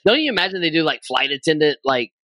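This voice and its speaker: A man's voice: on the high side, very animated, fast, pushed and bright, dry recording. A man in a casual podcast chat who talks in a rambling, musing way and keeps circling back to his point. He is heard up close, with no room sound around him. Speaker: podcast co-host.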